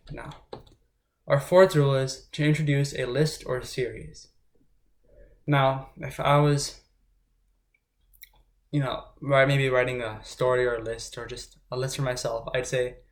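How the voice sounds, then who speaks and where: A man working as a test prep tutor, explaining grammar rules in an informal way and often checking in with listeners. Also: mid-range voice. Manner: informal, talks it through with frequent "right?" check-ins.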